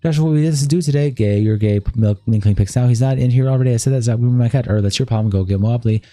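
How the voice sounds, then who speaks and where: Fast, dark-voiced man reading aloud. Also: mid-range voice, dry recording. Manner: rapid reading that stumbles and restarts. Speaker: streamer reading a document aloud. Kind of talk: live-stream read-through with commentary.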